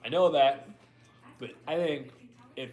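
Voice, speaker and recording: A man's voice: medium pitch, a little slow, a little mellow. A man co-hosting a live stream, bantering casually and joking about himself. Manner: joking, self-deprecating.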